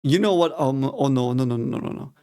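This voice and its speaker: A man's voice: mid-range voice, fairly quick, darkish tone, slight background noise. A young German man with a German accent, reacting to an anime episode in casual commentary, frustrated and swearing often. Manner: frustrated, swears a lot, mock-cheering outbursts. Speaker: reaction video host.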